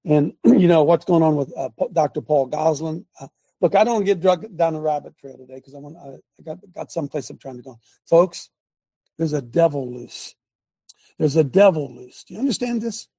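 Male host, rough husky voice, fiery and rambling. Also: fairly high pitch, brisk, no room sound. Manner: excitable, rambling, shouting asides. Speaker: host of an online talk show. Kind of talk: fiery political and religious commentary.

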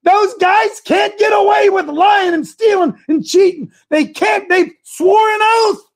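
A man giving a fiery political speech to a crowd, shouting rhetorical questions. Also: very high-pitched, a little slow. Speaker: speaker addressing a crowd.

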